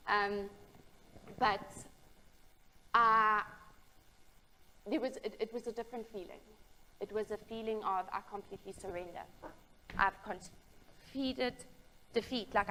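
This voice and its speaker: A woman's voice: mid-range voice, a bit bright, rough recording. Candid woman sharing her recovery story. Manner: candid, halting, with frequent fillers and restarts. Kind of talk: personal testimony.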